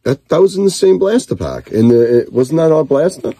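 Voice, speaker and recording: Middle-aged dad, dark husky voice, dry close sound, grumbly and wry while ripping packs. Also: male voice, fairly high pitch, sing-song, brisk, no echo. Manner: wry, grumbling running commentary. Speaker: father opening trading card packs with his son. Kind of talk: casual chat.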